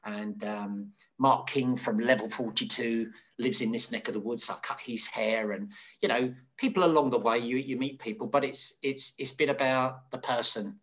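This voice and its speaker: A middle-aged man, a hairdresser, telling rambling stories as an interview guest, jumping up in pitch to act out what people said. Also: lo-fi sound. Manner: animated, acts out quoted voices with sudden high pitch; rambling, many restarts and fillers. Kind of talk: casual storytelling.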